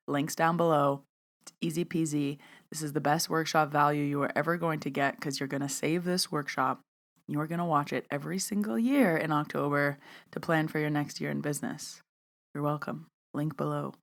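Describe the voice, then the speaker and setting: A woman with a slightly low voice hosts a solo podcast. She talks in a chatty, direct way, like a coach nudging her listeners along, and jokes about herself as she goes. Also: a bit bright. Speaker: podcast host and mindset coach. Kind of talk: casual solo podcast talk.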